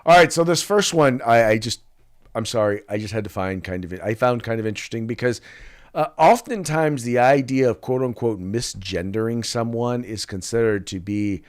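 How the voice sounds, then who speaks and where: A man's voice: medium pitch, moderate pace. A man hosting a political talk podcast, chatting casually with many restarts and fillers and reading sponsor spots. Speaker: podcast host.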